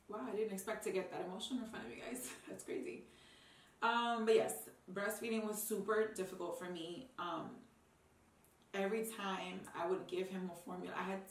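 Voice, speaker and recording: A young woman and new mother talking to camera in a heartfelt, rambling way with many ums and restarts. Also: mid-range voice. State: tearful at times. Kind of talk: personal talk to camera. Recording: roomy sound, mic a bit distant.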